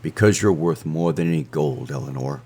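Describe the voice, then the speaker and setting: A man voicing an honorable rogue sea captain, speaking roughly and earnestly in an audio story. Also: a bass voice, normal speed, mellow, exaggerated voice.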